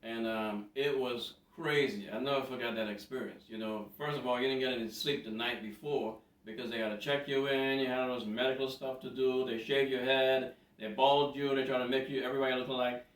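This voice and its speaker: A man telling a story in a casual, animated way to a camera, repeating words for emphasis. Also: mid-range voice, brisk, few pauses. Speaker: vlogger. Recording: roomy, distant from mic.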